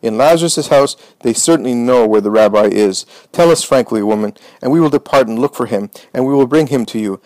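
A man's voice: mid-range voice, fairly quick, few pauses, a little mellow, no room sound, lightly acted, poor audio. A man voicing a cunning male Pharisee who coaxes and tempts. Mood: coaxing. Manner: coaxing, tempting.

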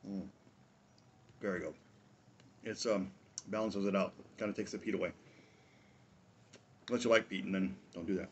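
A man's voice: deep voice, fairly even intonation, moderate pace, pauses often, dull audio, a little hiss or hum. A man hosting a casual drinks review show, rambling through a tasting with jokes, asides and chuckles.

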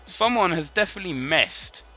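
A man's voice: high voice, lively intonation, moderate pace, pushed and bright. Ranting man streaming a game. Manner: swearing, frustrated, ranting at the game. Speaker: gaming streamer. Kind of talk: live gameplay commentary. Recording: dull lo-fi stream audio with faint music.

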